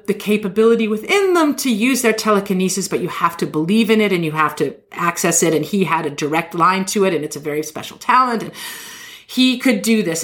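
A woman chatting in a relaxed, casual way as she retells a story. She is animated and keeps slipping into little voices for the people she quotes. Her pitch sits in an ordinary middle range.

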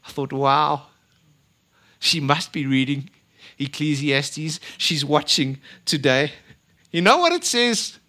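A middle-aged man preaching a sermon, swinging between loud emphasis and quiet asides. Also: fairly high pitch, expressive, takes it slowly, long pauses. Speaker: pastor.

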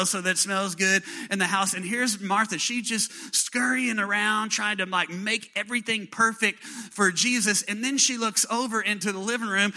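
Pastor, thirties, high voice, sermon delivery, casual then animated. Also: male voice. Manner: conversational, rising to animated bursts.

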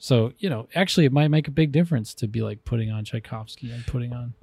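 A man co-hosting a casual comedy podcast, animated and jokey, often talking over his partner. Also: mid-range voice, quick pace, gravelly, husky, no room sound. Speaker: podcast co-host.

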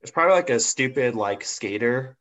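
A man chatting casually as a podcast guest. He fires back with jokes and quick comebacks. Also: medium pitch, animated, fairly bright tone. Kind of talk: casual chat.

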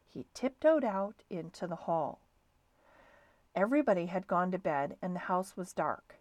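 A woman reading a children's novel aloud, calm and expressive. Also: medium pitch, no room sound. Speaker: storybook reader.

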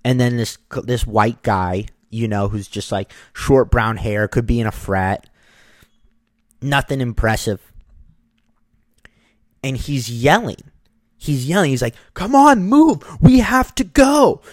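A man casually telling a personal story, lively, acting out the people in it. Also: medium pitch, unhurried, long pauses, no echo. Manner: animated, acts out the people in his story.

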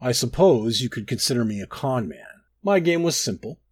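A man reading a dark first-person fantasy story aloud, brooding and expressive with dramatic rises and drops. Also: mid-range voice, moderate pace, husky, no room sound. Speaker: narrator.

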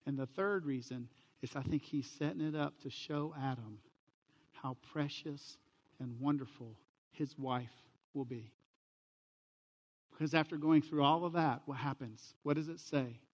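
A man's voice: fairly high pitch, a little slow, long reverb tail. A middle-aged man, a pastor, preaching a sermon and telling stories, livening them with quoted voices. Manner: storytelling, animated with quoted voices.

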